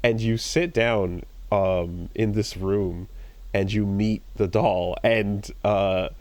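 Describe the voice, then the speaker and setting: A man's voice: fairly low pitch, steady tone, slow, a little mellow, no echo. A man on a podcast, animatedly retelling a game story, acting out quoted lines in raised voices. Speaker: podcast co-host. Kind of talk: casual chat.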